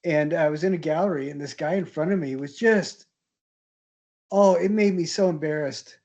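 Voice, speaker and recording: A man's voice: a little high, moderate pace, darkish tone, muffled recording. A man teaching an art history class, telling casual, rambling anecdotes with fillers and chuckles. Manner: chatty, hesitant, laughs at own stories.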